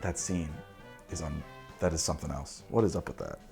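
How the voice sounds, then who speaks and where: A man in his forties hosting a cocktail show, talking casually to camera in an animated, digressive and jokey way. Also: very deep voice, fairly quick, creaky, faint music behind.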